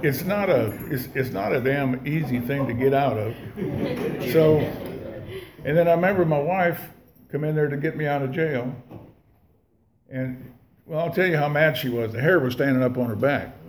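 A man's voice: fairly high pitch, moderate pace, long pauses, crowd noise. A man sharing his recovery story with an audience in a rambling, profane, folksy way, full of restarts. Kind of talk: casual spoken storytelling to an audience. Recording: echoey room.

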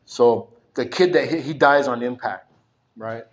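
A man's voice: medium pitch, measured pace, a little hiss or hum, rough recording. A middle-aged man telling a personal story in casual, rambling speech, full of fillers and repeated phrases.

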